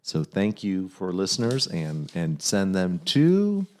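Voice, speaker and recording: A man hosting a dad-advice podcast, chatting casually in a halting, self-deprecating way and telling dad jokes. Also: low voice, wildly swooping pitch, a little mellow. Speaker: podcast host giving fatherly advice. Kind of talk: casual chat.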